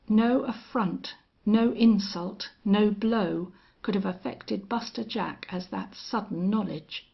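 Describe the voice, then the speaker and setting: A woman reads a western novel aloud at a slow, deliberate pace. Her voice is husky with a gravelly fry, and the recording is dull and lo-fi. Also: medium pitch. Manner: measured storytelling. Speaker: audiobook narrator. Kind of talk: audiobook narration of a western novel.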